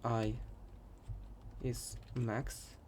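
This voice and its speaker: Slow Russian-accented man coding aloud. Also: medium pitch, little pitch movement, a little mellow, slight background noise. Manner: dry, joking asides while typing. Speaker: programming tutor. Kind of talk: live coding tutorial. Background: keyboard typing.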